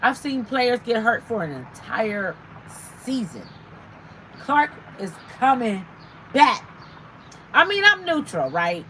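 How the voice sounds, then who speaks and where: A woman's voice: a little high, very animated, slow pace, long pauses, fairly bright tone, slight background noise, poor audio. A woman hosting a casual livestream, chatting and reading out viewer comments. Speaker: livestream host.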